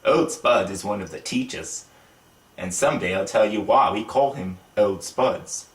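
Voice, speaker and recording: A man's voice: lowish voice, measured pace, roomy sound, distant mic. A man reading a children's story aloud in a put-on British accent, voicing each character as he goes. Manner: lively, voices the characters. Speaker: reader of a children's book.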